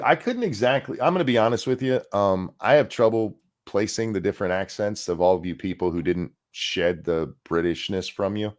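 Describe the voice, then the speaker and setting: A man's voice: low-pitched, a little mellow. A man co-hosting a casual podcast, ranting in a crude, mocking, profane way. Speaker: podcast co-host.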